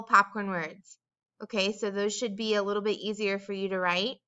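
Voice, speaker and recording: A woman teacher giving a recorded dictation lesson to young children, speaking in a slow, sing-song way and stretching out word sounds. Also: mid-range voice, flat delivery, sharp tone, clear, resonant tone, dull audio.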